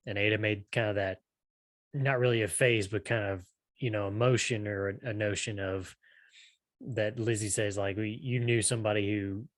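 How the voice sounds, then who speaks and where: Low-voiced guy rambling on a podcast, lots of restarts, dry close mic. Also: steady tone, moderate pace, no echo. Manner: rambling, restarts often, says "you know". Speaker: podcast co-host. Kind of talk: casual chat.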